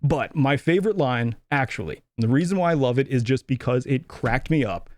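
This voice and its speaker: A man's voice: medium pitch, lively intonation, a little fast, darkish tone, no room sound. A young man co-hosting a podcast, chatting casually about a movie, rambling, laughing often and swearing loosely. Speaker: podcast co-host. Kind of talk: casual movie review chat.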